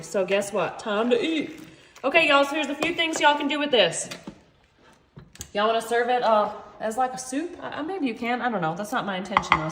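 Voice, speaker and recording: Woman, high bright voice, casual self-deprecating cooking host, roomy kitchen sound with pans in the background. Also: a little hiss or hum. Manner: chatty, self-joking, keeps saying "y'all". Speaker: home cooking channel host. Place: home kitchen.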